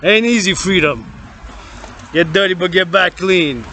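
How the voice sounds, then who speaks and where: A man from Canada giving a loud, profane, rambling rant, chanting and repeating words. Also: high-pitched, animated, a little slow, slight background noise. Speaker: vlogger.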